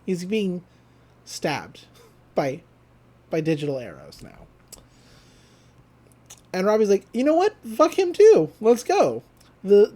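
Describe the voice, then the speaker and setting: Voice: medium pitch, darkish tone. A podcast co-host in a casual recap who rambles, laughs often and acts out the lines.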